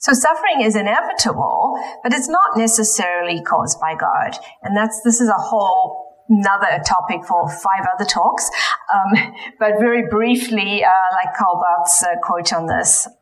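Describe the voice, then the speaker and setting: A woman's voice: medium pitch, normal speed, low-quality recording. A woman giving a lecture in a church, speaking with frequent ums and self-corrections. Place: church hall.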